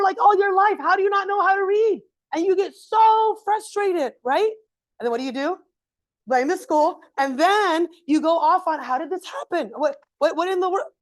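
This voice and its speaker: A woman with a fairly high voice leads a workshop for parents in a relaxed lecturing style. She keeps the room with her through constant little "right?" and "okay?" check-ins. Now and then she slips into acting out an exasperated parent. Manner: acts out frustrated parents in exaggerated quoted voices.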